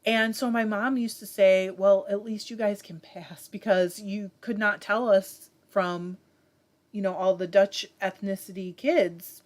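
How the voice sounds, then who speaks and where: A woman's voice: medium pitch, fairly even intonation, measured pace. A woman from Michigan hosting a casual livestream, chatting and reading viewer comments aloud with many fillers. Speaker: livestream host reading chat. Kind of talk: casual chat.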